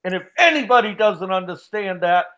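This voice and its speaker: A man hosts and angrily scolds a caller in a profane voice. His pitch runs fairly high and swings widely. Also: animated, a little fast, a bit bright, muffled recording. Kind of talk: heated argument.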